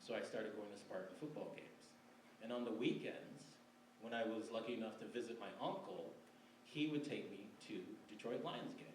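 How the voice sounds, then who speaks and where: A man in his forties from Michigan tells a personal story on stage in a relaxed, wry way, often laughing. He is picked up from a distance in an echoey room, with faint room noise behind him. His voice sits at a middle pitch. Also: normal speed. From Michigan, USA. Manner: wry, conversational, laughs between lines. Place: library event room before an audience. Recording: roomy live recording from a distance.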